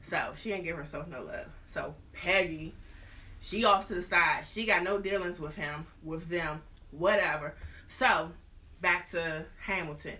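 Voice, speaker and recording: A woman host retelling a story in an animated, slangy, comic way. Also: lowish voice, measured pace. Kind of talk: casual storytelling.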